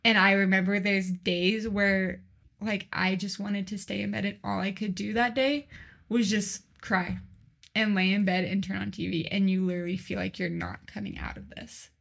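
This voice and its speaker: Young woman, podcast co-host, vocal fry, heartfelt, personal, casual faith chat. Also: medium pitch, steady tone, normal speed, fairly bright tone. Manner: heartfelt, personal, speaks from her own hard times.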